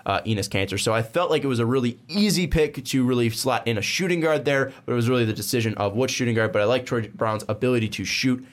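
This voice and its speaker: A man co-hosting a sports podcast, talking quickly and enthusiastically as he runs through his picks and explains his reasoning. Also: medium pitch. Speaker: podcast co-host. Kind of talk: casual sports podcast chat.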